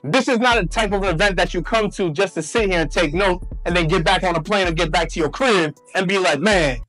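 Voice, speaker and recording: A man's voice: high voice, brisk, fairly bright tone, faint music behind. A man speaking to a live audience at a hotel event, hyping the crowd with call-and-response. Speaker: motivational speaker. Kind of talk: energetic stage talk.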